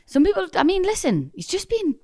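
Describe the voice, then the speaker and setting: A hungover female podcast co-host in casual, chatty talk, self-deprecating and quick to laugh. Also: very high voice, wildly swooping pitch, a little mellow, no room sound, clean studio sound. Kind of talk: casual chat.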